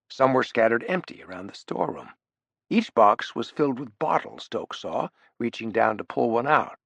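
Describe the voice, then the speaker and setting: A man's voice: mid-range voice, creaky, fairly bright tone, husky, dry recording. A man narrating a thriller audiobook with wry, punchy emphasis, close on the mic.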